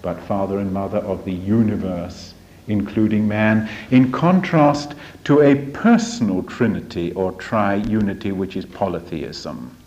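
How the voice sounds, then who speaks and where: A man teaching from a spiritual text in a deliberate, emphatic lecture, often asking rhetorical questions. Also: fairly low pitch, lively intonation, a little mellow. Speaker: religious study teacher. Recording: dull lo-fi recording.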